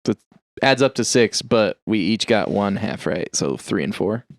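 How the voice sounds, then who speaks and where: A man co-hosting a casual comedy podcast, riffing and joking with animated energy. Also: on the low side, measured pace, vocal fry, dry recording. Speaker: podcast co-host.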